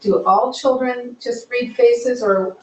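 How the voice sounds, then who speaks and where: A woman's voice: fairly high pitch, slow pace, slight background noise. A woman in a class discussion, asking thoughtful and somewhat hesitant questions about a student. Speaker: student, school staff member. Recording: echoey room, voice from far off.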